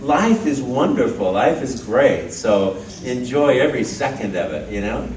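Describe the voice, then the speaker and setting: A man in his fifties speaking on a convention panel, animated, breaking into loud cartoon voices and then turning earnest and heartfelt. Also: medium pitch, unhurried. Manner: earnest and heartfelt when reflecting. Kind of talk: animated panel talk to an audience. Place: large convention hall. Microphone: handheld phone in the audience. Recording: phone recording from far off in an echoey hall.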